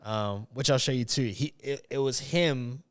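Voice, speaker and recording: A man hosting a casual podcast, talking in a loose, rambling way and often circling back to restart his sentences. His voice is smooth and clean, sitting at an ordinary middle pitch. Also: measured pace, fairly bright tone. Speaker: podcast host. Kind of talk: casual chat.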